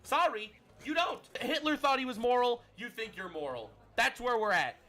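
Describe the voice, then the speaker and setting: A man's voice: extremely high pitch, expressive, normal speed, bright, forceful tone. A man hosting a livestream, giving brash, profane, sarcastic political commentary. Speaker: livestream host.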